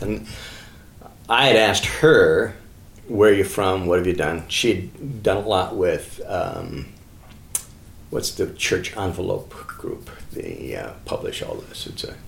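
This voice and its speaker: A man with a very low, gravelly voice tells a long story in a loose, rambling way. He fills it with ums and uhs and acts out the voices in his quoted dialogue. The sound is roomy, with a faint hiss behind it. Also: lively intonation, a little slow. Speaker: guest, author and ministry founder. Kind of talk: casual storytelling conversation.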